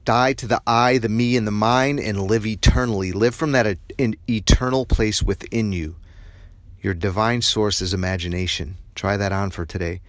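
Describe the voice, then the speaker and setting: A man's voice: lowish voice, moderate pace, no echo. A man hosting a podcast, giving an earnest, reflective spiritual self-help tip. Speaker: podcast host.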